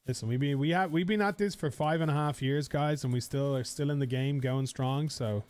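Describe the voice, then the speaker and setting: A man's voice: mid-range voice, brisk, a little mellow, clear, resonant tone. Rambling, chatty male game streamer. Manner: rambling, swears casually, chatty with viewers. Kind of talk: live-stream casual chat.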